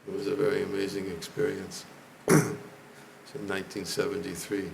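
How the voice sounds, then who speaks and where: Hoarse older man, gravelly and halting. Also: deep voice, flat delivery, noisy background. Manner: halting, with frequent throat clearing. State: hoarse, losing his voice. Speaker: temple speaker. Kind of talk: lecture to a congregation. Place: temple hall.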